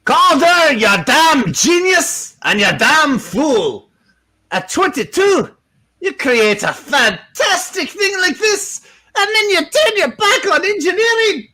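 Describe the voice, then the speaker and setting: A man's voice: very high voice, very animated, slow pace, sharp tone, voice pushed up, heavily acted. A man voicing an elderly male professor, emotional and exclaiming, from a live comic reading. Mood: fond exasperation.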